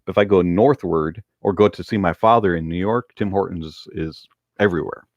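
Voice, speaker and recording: A man's voice: low-pitched, a little fast, darkish tone, no echo, lo-fi sound. A man who teases and laughs easily, chatting casually as a podcast host. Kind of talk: casual chat.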